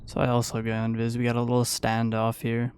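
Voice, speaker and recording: A man's voice: medium pitch, completely flat delivery, a little fast, darkish tone, slight background noise. A man giving a casual, playful play-by-play voice-over of his own gameplay as a gaming YouTuber.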